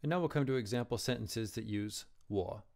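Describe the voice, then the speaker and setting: A man teaching Chinese characters, explaining strokes and tones slowly and carefully. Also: on the low side, creaky, darkish tone. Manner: slow, careful modeling of pronunciation.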